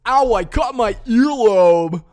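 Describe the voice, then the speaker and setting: Goofy stoner dude as a man mimics him, high whiny voice, slow loud drawl. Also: animated, heavily acted. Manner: slow drawn-out whine.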